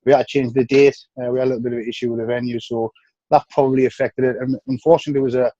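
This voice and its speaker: A man with a North East English accent, speaking frankly and easily as a guest on a podcast, often sinking into low, tired tones. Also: level tone, very fast, dark tone, no echo. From North East England. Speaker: guest bodybuilder. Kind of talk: casual podcast interview. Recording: dry, dull lo-fi sound.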